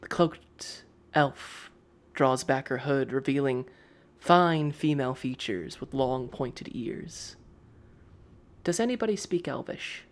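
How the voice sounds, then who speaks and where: A man's voice: medium pitch, lively intonation, takes it slowly. A man narrating a tabletop game as game master, describing scenes in the second person. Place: live stream.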